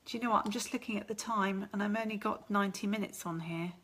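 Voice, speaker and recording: A woman's voice: medium pitch, quick pace, a bit bright. A woman with a chatty, rambling manner, hosting a casual live stream and answering viewer comments. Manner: chatty and rambling, laughs often.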